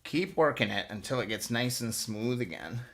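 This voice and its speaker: The host of a motorcycle restoration live stream talks in an animated, mid-range voice at a moderate pace. Chatting casually, he walks his viewers step by step through a hands-on task.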